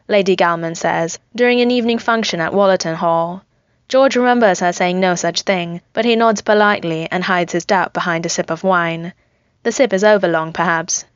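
A woman with a somewhat low voice reads a story aloud in an even, measured way. The recording is dull and lo-fi, close and dry with no room sound. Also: dry recording. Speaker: narrator. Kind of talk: scripted narration of fan fiction.

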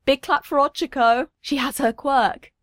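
A woman reading aloud, voicing a gentle, proud mother who speaks softly. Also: sits high, steady tone, measured pace, no room sound, clean studio sound, pitched above the performer's own voice. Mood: tender. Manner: soft and warm.

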